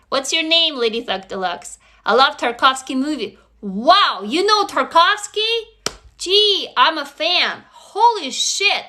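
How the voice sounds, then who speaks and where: A woman's voice: sits high, pushed and bright. A woman from Russia with a Russian accent, native in Russian, chatting casually on a phone livestream, greeting viewers and swearing lightly. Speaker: livestream host. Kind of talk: casual live-stream chat.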